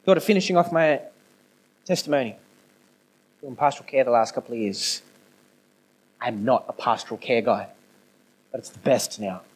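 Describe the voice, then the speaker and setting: A male pastor giving a conversational sermon, moving between quiet, intimate passages and raised, emphatic ones. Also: medium pitch, normal speed, pauses often, slightly rough, rough recording. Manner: conversational preaching with swings from soft to emphatic. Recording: no video, audio only.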